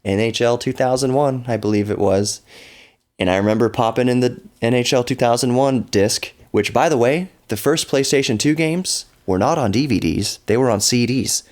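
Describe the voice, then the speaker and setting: A man's voice: medium pitch, moderate pace, darkish tone. A man in his thirties hosting a podcast, talking casually in a rambling, nostalgic way and often correcting himself. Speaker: podcast host. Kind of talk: casual solo podcast talk.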